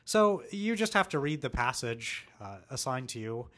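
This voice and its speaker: A man's voice: medium pitch, big pitch swings, normal speed, a bit bright, slight background noise. A man co-hosting a podcast, eagerly introducing a game segment with frequent laughs. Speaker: podcast co-host. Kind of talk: casual podcast chat.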